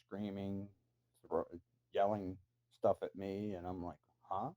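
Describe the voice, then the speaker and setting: On a dull lo-fi recording, a man with a deep, warm voice tells a rambling personal story slowly and with little pitch movement. He's casual about it, cursing freely and adding incredulous asides.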